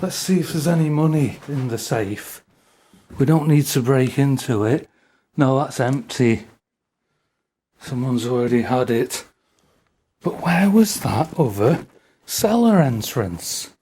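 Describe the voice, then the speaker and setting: In a warm, mid-range voice, an urban explorer talks slowly but animatedly to the handheld camera he holds along with a torch. Breathless, he mutters wry remarks while exploring a derelict building with a cellar and broken glass, and there's slight background noise.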